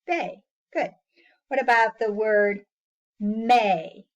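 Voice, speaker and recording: Woman teacher, phonics lesson, slow and patient, sounds out each word, muffled lo-fi audio. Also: medium pitch. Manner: slow, patient, sounds out words and praises often. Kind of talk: phonics lesson for young children.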